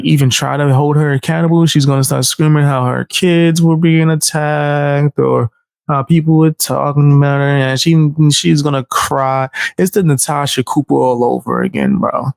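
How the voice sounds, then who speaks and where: A man's voice: on the high side, fairly even intonation, moderate pace, vocal fry, darkish tone, no room sound. A man hosting a reaction commentary, mocking and incredulous, full of slang. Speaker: commentary host.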